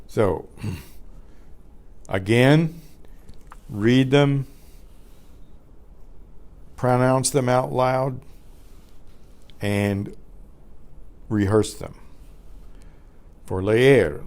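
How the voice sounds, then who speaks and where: A man teaching a Spanish grammar class, explaining patiently and clearing his throat often. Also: medium pitch, animated, drawn-out words, pauses often, a little mellow. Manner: recites word lists carefully.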